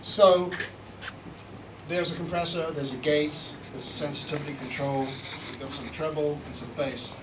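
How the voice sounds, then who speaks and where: Speaking at normal speed in a fairly high, fairly even voice, a British man leads a live seminar talk and demo for an audience. A recording engineer by trade, he chats, jokes and swears a little while demonstrating. The sound is distant and echoey, with background noise.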